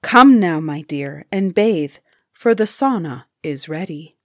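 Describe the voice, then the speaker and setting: A woman voicing a determined young male prince in a storybook, speaking in a slow, measured way. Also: sits low, lively intonation, dry recording, studio quality, exaggerated voice. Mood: earnest.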